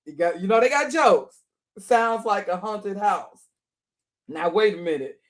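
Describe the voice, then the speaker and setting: A woman's voice: mid-range voice, expressive, a little slow. A woman hosting a live stream, chatting casually with viewers in a talkative manner with laughing asides. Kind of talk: casual reaction chat.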